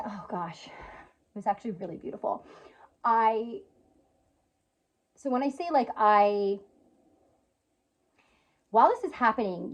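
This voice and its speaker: A young woman earnestly telling a personal story in casual vlog style, emotional and full of fillers. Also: mid-range voice. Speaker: yoga teacher and spiritual healer sharing a personal story. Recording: slightly dull lo-fi sound.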